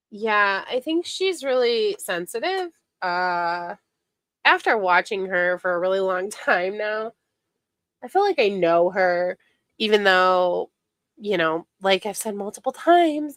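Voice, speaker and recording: A woman's voice: mid-range voice, lively intonation, slow pace, a bit bright, no echo. A woman streamer giving casual, indignant commentary on online drama, sarcastic and given to mocking imitations.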